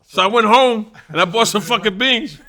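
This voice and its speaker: A man with a New York accent, a boxing trainer and guest telling profane, animated stories in casual talk. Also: high-pitched, moderate pace. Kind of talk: casual storytelling.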